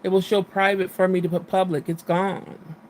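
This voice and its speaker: A woman's voice: on the low side, flat delivery, moderate pace, a little mellow, slight background noise. A woman livestreaming in casual chat, frustrated and venting, swearing now and then. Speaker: livestream host.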